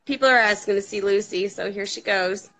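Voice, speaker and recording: A woman chatting as a guest, animated and chatty, sometimes coaxing her toddler in baby talk. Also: medium pitch, fairly quick. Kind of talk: casual live chat.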